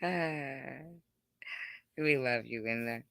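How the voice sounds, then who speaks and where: A woman's voice: a bass voice, extremely slow, gravelly, fairly bright tone, dry recording, studio quality. A middle-aged woman hosting a casual live stream, chatting with viewers in a rambling, giggly way full of fillers.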